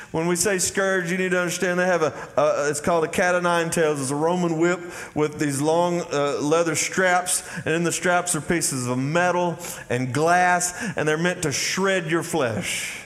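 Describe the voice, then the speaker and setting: A man's voice: fairly high pitch, a bit bright. A man preaching a sermon as pastor, with a folksy manner, calling out to the congregation. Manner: folksy preaching, calls out "y'all" and "Amen?" to the congregation. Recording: long hall reverb.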